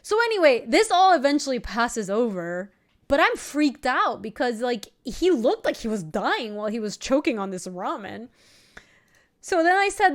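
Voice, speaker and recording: A young woman streamer chatting casually while playing a card game, telling an animated story with laughing asides. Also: fairly high pitch, normal speed. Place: home streaming setup.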